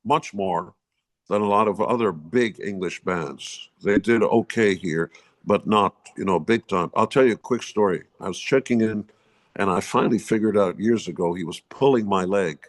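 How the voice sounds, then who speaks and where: Speaking at a moderate pace in a lowish voice, a US musician guest in his seventies spins stories for an interviewer. He's blunt, opinionated, and swears freely in this casual conversation.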